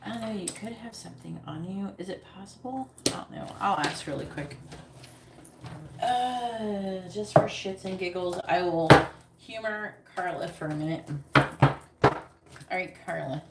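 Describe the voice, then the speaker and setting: A woman's voice: mid-range voice, a little slow, roomy sound, heavy background noise. A woman giving a casual live-stream tarot reading, chatty and rambling, talking straight to her viewers. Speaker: psychic reader on a live stream.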